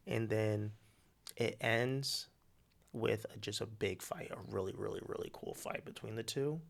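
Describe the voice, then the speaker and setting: A man co-hosting a podcast, spinning a story in casual chat with slangy, animated delivery. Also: fairly low pitch, vocal fry. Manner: animated, slangy storytelling with quick acted quotes. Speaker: podcast co-host.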